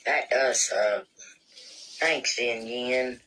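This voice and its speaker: A man's voice: mid-range voice, very slow, bright, forceful tone, low-quality recording. A man chatting casually on a live stream in plain, colloquial speech, reading out viewer comments and thanking viewers. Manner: plain-spoken, colloquial grammar. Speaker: livestreamer.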